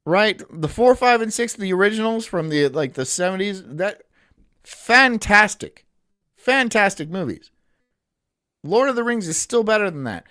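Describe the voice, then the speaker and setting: A man's voice: high-pitched, very animated, normal speed, fairly bright tone. A man streaming in casual chat, ranting in an incredulous, profane way.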